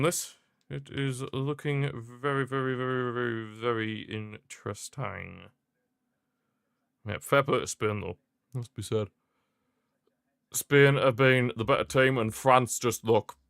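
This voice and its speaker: A man giving casual live commentary on a football match as he watches along, chatty and prone to repeating himself with sudden excited bursts. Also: medium pitch, no echo, studio quality.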